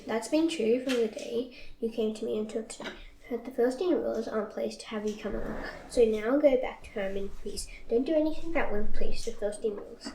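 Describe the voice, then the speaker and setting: Woman reading as a calm reassuring king. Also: fairly high pitch, distant mic, close to an everyday voice. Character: calm foreign male king. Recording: echoey room, faint noise.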